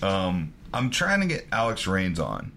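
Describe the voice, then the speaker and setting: A man with a very low voice tells wrestling stories in a loose, profane podcast chat. He swears freely and laughs between lines. A faint hum of room noise sits behind him. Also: measured pace. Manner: profane, laughing, animated storyteller. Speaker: wrestling promoter, podcast co-host. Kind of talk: casual storytelling chat.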